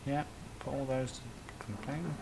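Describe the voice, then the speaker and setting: Casting: male game streamer at a desk mic, mid-pitched, rambly self-talk, faint ambience under it. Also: measured pace, gravelly, background noise. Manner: rambling, thinking aloud with self-talk and tangents. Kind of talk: casual live-stream commentary while playing.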